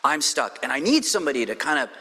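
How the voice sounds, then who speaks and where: Animated storytelling pastor in a reverberant hall. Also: male voice, medium pitch, fast talker, slightly rough. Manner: animated storytelling with playful quoted voices. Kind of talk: conversational sermon. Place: church sanctuary.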